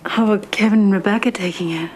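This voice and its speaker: An actress playing a comforting wife who speaks softly on the phone in a scripted drama. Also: female voice, mid-range voice, fast talker, a little hiss or hum, natural voice, rough recording. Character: warm-hearted wife on the phone.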